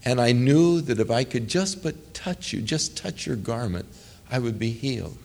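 A man voicing a frightened woman who confesses, speaking in a hushed, trembling way. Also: mid-range voice, lively intonation, normal speed, creaky, big-room sound, a little hiss or hum. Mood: fearful.

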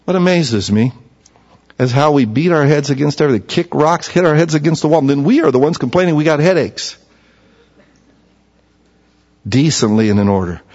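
A man preaching a sermon, his fairly high voice carrying through a long echo. He swings from lively, acted-out voices to quiet, soft calm tones, and the recording sounds dull and lo-fi. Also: fast. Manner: animated, acts out quoted voices, then drops to soft calm tones. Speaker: pastor. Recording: echoey hall, dull lo-fi sound.

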